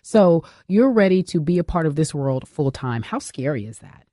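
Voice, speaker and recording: A woman's voice: deep voice, big pitch swings, normal speed, warm tone, no room sound, clean studio sound. A woman from Los Angeles hosting an interview, asking questions with enthusiasm and animation. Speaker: interview host. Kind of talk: casual interview chat.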